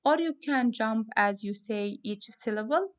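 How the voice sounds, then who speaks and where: A woman's voice: on the high side, expressive, muffled recording. A woman teacher giving a phonics lesson to young students, spelling out letters and sounds step by step. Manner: slow, deliberate, spells out letters.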